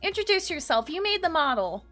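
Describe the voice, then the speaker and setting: A woman's voice: very high-pitched, big pitch swings, fairly quick, sharp tone. A woman streaming live, chatting casually and nervously with her viewers, giggling and greeting people by name. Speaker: VTuber streamer. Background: faint background music.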